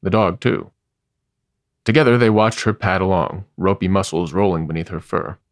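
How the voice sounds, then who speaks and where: A man reading a story aloud, measured and wry, with expressive delivery. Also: low voice, no room sound, studio quality. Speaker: narrator.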